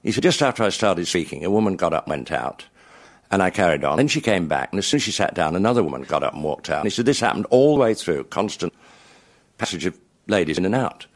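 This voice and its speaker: A man's voice: low voice, expressive, quick pace. An older man telling funny anecdotes to a live audience in a genial, chuckling after-dinner style.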